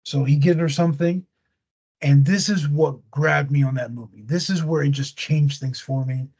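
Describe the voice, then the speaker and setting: Podcast host, male, husky and a touch high, slangy storyteller, dull lo-fi capture. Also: steady tone, normal speed, darkish tone. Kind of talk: casual chat retelling a movie plot.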